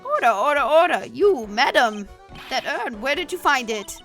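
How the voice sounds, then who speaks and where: A woman voicing a stern, blustering older male judge, loud and commanding, while reading a game aloud. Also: high-pitched, lively intonation, brisk, faint music behind.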